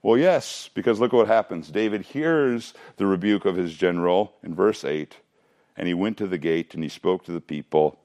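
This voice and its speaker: Middle-aged male preacher, low-pitched, conversational expository teaching style, animated delivery. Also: moderate pace. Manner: conversational, animated, frequent restarts.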